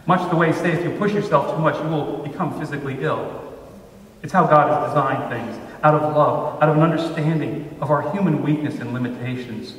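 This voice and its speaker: A man preaching a sermon as pastor, measured, slowing down to stress scripture lines. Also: a little high. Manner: measured, with slow emphatic pauses on scripture. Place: church sanctuary. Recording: roomy church hall from far off.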